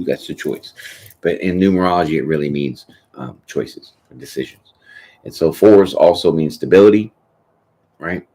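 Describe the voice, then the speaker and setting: During a live Q&A on his tarot channel, a host chats and rambles in a relaxed way, often saying "you know what I'm saying." His voice is deep and a little mellow, with a breathy edge.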